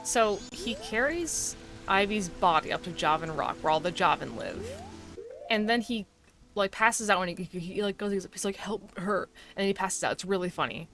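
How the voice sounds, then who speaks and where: A woman's voice: medium pitch, lively intonation, moderate pace, over music. Laid-back woman streamer, casual storytelling. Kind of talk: casual chat while gaming.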